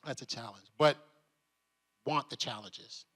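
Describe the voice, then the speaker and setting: Laughing as he goes, a man who is an actor and convention panel guest tells animated stories and mimics the voices of the people in them. His voice is mid-range and his delivery unhurried, with long reverb from the convention hall.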